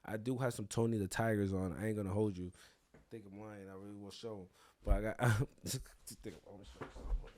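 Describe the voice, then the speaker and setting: Talking fast in a lowish voice, a young man hosting a podcast rattles through a vulgar, comedic story loaded with swearing and boasts, his humor animated and crude.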